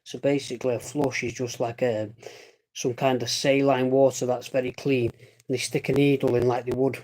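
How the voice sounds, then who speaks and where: A man's voice: medium pitch, little pitch movement, moderate pace, a little mellow. A man chatting casually on a livestream, rambling with jokey asides and the odd swear word. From Britain. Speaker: vlogger living with a lung condition.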